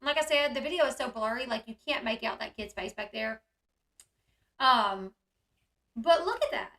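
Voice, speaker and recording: A woman hosting casual commentary on a video, talking in an animated way and acting out the yelling she describes. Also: a little high, normal speed, reverberant. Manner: animated, reacts loudly, acts out quoted yelling. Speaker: commentary host.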